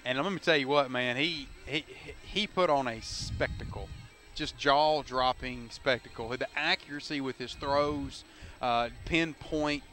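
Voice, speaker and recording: Bright excitable color commentator. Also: male voice, medium pitch, a little slow, soft background music. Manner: excitable, joking, rambling with repeats. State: out of breath. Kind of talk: high school football radio broadcast.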